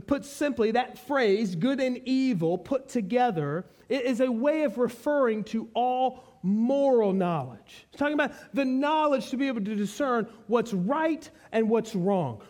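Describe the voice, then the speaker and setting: A man's voice: extremely high pitch, lively intonation, a little slow, few pauses, darkish tone. A man preaching an expository sermon, teaching with emphasis and repeating key phrases.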